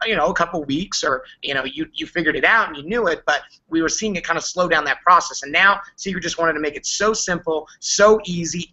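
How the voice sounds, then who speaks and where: A man giving an upbeat business presentation, excited and repetitive, his voice worn and going hoarse. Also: fairly high pitch, highs cut off. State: losing his voice. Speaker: company leader on a recap call.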